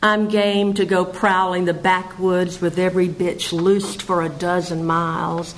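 A woman poet reading her own poems aloud in a measured recitation, with hesitant, chatty asides between the pieces. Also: fairly low pitch, flat delivery, a little hiss or hum, poor audio. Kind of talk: poetry reading.

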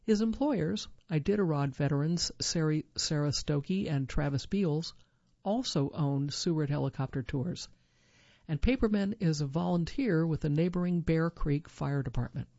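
A narrator reading a true survival story in a measured storytelling manner, lifting the quoted lines. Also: medium pitch, creaky, dark tone, no room sound, lo-fi sound.

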